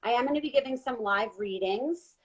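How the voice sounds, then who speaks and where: Earnest woman on a video call, higher voice. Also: fairly quick, husky, rough recording. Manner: gentle, earnest, sing-song spiritual talk. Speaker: guest intuitive reader. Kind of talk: casual live-stream talk.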